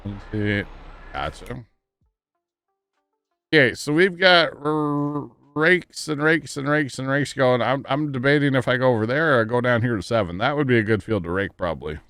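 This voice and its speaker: A man with a mid-range, fairly bright voice speaks briskly as he plays a farming game on stream. He rambles, talks to his chat casually, and chuckles at himself.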